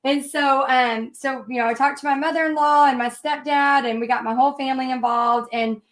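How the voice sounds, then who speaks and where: Woman, high register, paint party instructor; casual, rambling storyteller with frequent fillers. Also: steady tone, a little fast, fairly bright tone. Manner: chatty, frequent fillers and restarts. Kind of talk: live painting lesson with personal storytelling.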